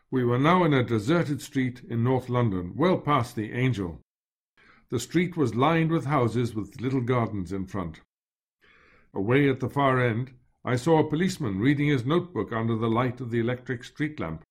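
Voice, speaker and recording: A man narrating a first-person memoir in a steady, measured reading voice. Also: medium pitch.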